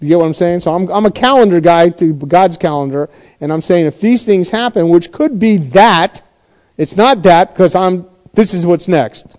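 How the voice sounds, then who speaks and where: High-voiced man teaching scripture, lo-fi. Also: moderate pace, darkish tone. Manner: conversational, with frequent restarts and asides to listeners. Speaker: pastor teaching a Bible study. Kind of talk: verse-by-verse Bible teaching.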